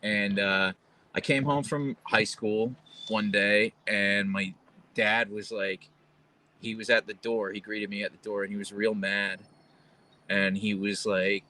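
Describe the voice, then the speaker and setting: A man's voice: fairly low pitch, little pitch movement, unhurried, bright, forceful tone, rough recording. A man hosting a casual live stream at home, chatting in a rambling way full of fillers and restarts. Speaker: livestream host. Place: at home, with his dogs.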